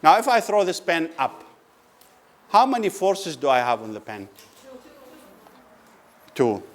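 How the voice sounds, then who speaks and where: Man lecturing, slow questioning delivery. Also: a little high, very animated. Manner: asks the class questions and answers them, repeats key words slowly. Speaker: physics lecturer. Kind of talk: classroom lecture. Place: lecture room.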